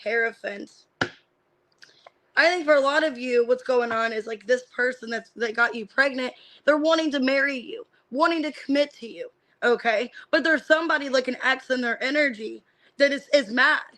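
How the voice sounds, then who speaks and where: A woman giving a casual live-streamed tarot reading. She names the cards one by one and thinks out loud as she reads them, with lots of fillers. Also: high voice, moderate pace, rough recording. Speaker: tarot reader.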